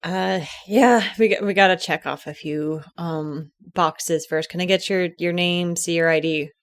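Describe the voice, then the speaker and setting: A woman's voice: lowish voice, fairly even intonation, a little slow. A woman voicing a polite, officious female security officer in a tabletop game.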